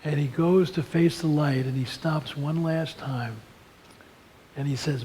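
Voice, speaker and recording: Guy telling folksy stories at a seminar, a bit high-pitched, faint hiss behind. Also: unhurried, low-quality recording. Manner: folksy, animated storyteller. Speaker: speaker at a seminar. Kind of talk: storytelling talk on leadership and faith. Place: seminary lunch seminar room.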